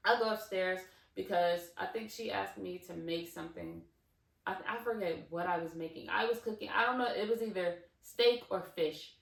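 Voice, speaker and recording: A woman in her twenties telling a story in a casual, animated way, drifting off topic and filling the gaps with um and like. Her voice sits at an ordinary pitch and carries a roomy echo, with the mic set back from her. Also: moderate pace, vocal fry. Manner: animated, digressive, full of fillers. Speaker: vlogger. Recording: roomy, slightly distant mic.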